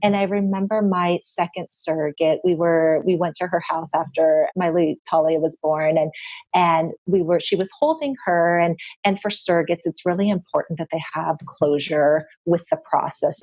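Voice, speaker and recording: A woman with a lowish voice talks earnestly in a casual interview, backing up often to restart her sentences. The recording is dry and close. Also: fairly even intonation, normal speed, a little mellow, no room sound. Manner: quotes others in acted voices. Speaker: podcast guest.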